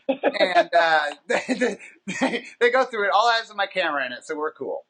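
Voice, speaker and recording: A man hosting a podcast, telling a long, profane anecdote in a casual, animated, rambling way. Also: on the high side, moderate pace. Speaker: podcast host. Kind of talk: casual storytelling.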